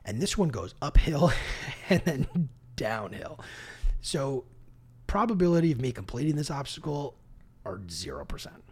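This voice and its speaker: A man co-hosting a podcast, telling a story in a casual, animated, self-deprecating way and laughing often. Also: medium pitch, unhurried, breathy edge. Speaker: podcast co-host. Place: podcast studio.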